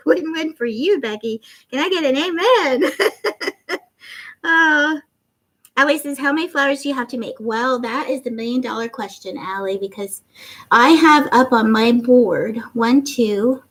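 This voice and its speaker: In a low-quality recording, a middle-aged woman with a slightly high voice chats warmly and casually on her craft livestream. She reads viewer comments out loud as she goes.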